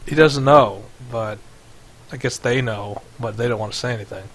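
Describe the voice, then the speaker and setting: A man's voice: mid-range voice, moderate pace, slight background noise. A man narrating as game master over voice chat in a loose, filler-heavy way. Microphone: headset or desk mic on voice chat.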